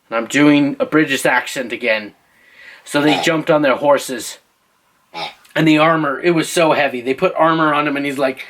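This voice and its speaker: A man's voice: medium pitch, moderate pace, a bit bright, rough recording. A father telling an improvised choose-your-path story, playful and teasing, asking his listeners for choices.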